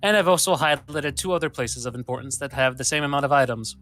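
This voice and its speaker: Man voicing Goldie, a brisk, uncaring woman. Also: mid-range voice, a bit bright, faint music behind, natural voice. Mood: matter-of-fact. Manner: brisk, dismissive. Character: cheery but uncaring woman deal-keeper.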